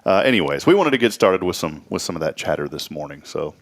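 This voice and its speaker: A man hosts a morning talk show, spinning loose stories and tossing in quick jokes. His voice sits a little low and relaxed. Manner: joking, rambling storyteller with quick asides. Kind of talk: casual chat.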